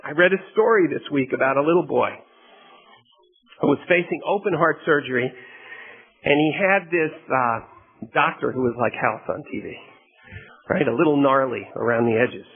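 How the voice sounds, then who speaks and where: A man's voice: mid-range voice, moderate pace, long pauses, slightly rough. A male pastor preaching a sermon in a conversational, storytelling way. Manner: conversational storytelling, asks "right?". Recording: tinny phone-like radio broadcast.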